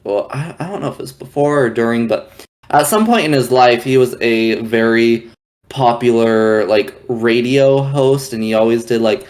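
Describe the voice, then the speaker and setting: A man's voice: mid-range voice, moderate pace, a little mellow. Hesitant man sharing trivia. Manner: hesitant, many "um" and "uh". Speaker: podcast co-host reviewing a film. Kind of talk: casual chat.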